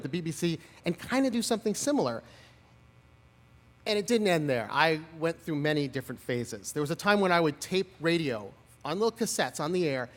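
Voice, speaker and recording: Lively, high-voiced man giving a graduation speech. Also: in a large hall. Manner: animated, humorous, self-deprecating storytelling. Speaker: commencement speaker. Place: outdoor lawn ceremony.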